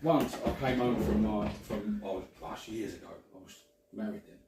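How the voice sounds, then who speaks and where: A man's voice: lowish voice, moderate pace. Swearing man telling a story. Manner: swears freely, rambling anecdote, restarts often. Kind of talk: casual storytelling. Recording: roomy, distant mic, faint noise.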